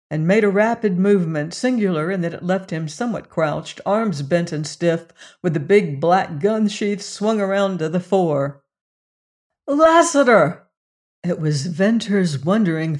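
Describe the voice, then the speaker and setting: Slow, deliberate western story narrator. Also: mid-range voice, a little mellow. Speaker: audiobook narrator and show host. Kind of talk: reading a western novel aloud.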